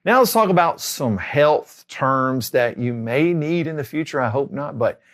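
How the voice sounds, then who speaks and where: Language tutor, man, middle-aged, slow steady delivery, repeats every word twice. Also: medium pitch. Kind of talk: spoken language lesson.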